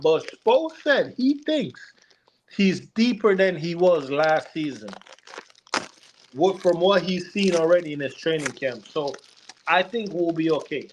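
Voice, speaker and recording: A young man argues basketball in a casual show, his voice sitting a little high. He talks in looping, emphatic bursts, restarting and pressing on to hold the floor. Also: animated, unhurried, a little hiss or hum. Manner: emphatic, rambling, keeps repeating "listen". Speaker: co-host. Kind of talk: casual sports debate.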